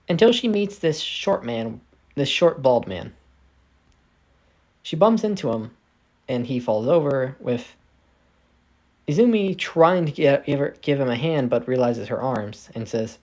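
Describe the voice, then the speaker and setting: A man's voice: mid-range voice, darkish tone. A man narrating his own fan story casually, rambling and correcting himself often. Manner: rambling, self-correcting, many fillers. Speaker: fanfic storyteller.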